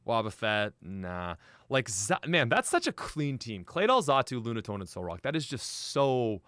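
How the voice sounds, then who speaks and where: A man's voice: on the low side, sharp tone, dry recording, studio quality. A young adult man chatting on a live stream, laughing often and talking straight to his chat. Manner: giggly, frequent laughter; chatty, addresses chat directly.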